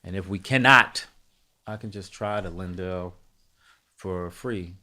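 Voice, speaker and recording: A man's voice: low voice, takes it slowly, pushed and bright. A man hosting a live music production tutorial, talking casually to his chat, thinking aloud and correcting himself as he goes.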